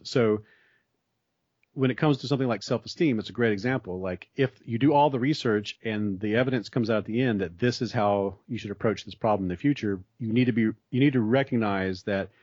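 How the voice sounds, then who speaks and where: A man's voice: mid-range voice, darkish tone, dry recording. A man in a conversation, explaining ideas at length in a thoughtful way with frequent restarts. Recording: dry, slightly dull sound.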